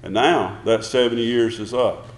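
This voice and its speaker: A man's voice: mid-range voice, moderate pace. A man preaching a sermon, emphatic, asking the congregation one question after another. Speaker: pastor. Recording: roomy echo.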